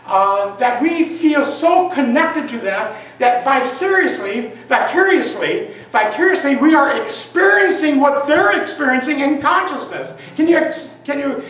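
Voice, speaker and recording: A woman with a high, somewhat bright voice gives an animated, unhurried talk as a lay minister, with hardly any pauses. Her informal sermon in a church meeting room is conversational and full of questions for the audience, recorded on a distant mic in a very echoey hall.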